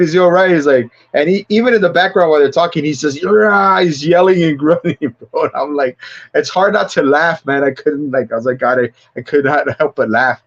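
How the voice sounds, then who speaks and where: Livestream host, male, rambling and profane, slightly high voice, muffled lo-fi audio. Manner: rambling, profane, laughs often. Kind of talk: casual movie discussion.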